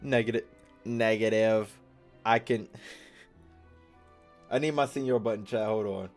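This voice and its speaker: A man's voice: lowish voice, steady tone, takes it slowly, soft background music. A man hosting a gaming video, reading game dialogue aloud in a casual, jokey way and stumbling over words.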